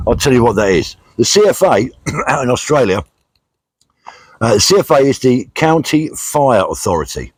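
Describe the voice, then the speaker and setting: A man's voice: on the low side, breathy edge, dry recording. Plain-spoken middle-aged man reading thanks outdoors. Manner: chatty, plain-spoken thank-yous with many fillers. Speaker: vlog host, charity walker. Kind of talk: casual vlog, reading out donors. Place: outdoors on a country walk.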